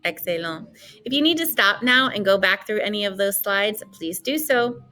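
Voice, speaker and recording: A woman teaching a beginner language lesson, modeling words slowly and clearly for students to repeat. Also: medium pitch, expressive, bright, forceful tone, slight background noise. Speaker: French teacher.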